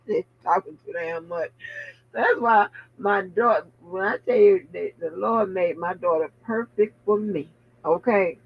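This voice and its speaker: A woman host giving casual, profane commentary with animated, drawling asides. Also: mid-range voice, breathy edge. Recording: dull lo-fi sound.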